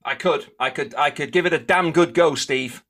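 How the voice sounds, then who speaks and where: A man's voice: fairly high pitch, normal speed, fairly bright tone. A man co-hosting a podcast, bantering playfully with his friends. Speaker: podcast co-host. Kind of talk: casual chat among friends.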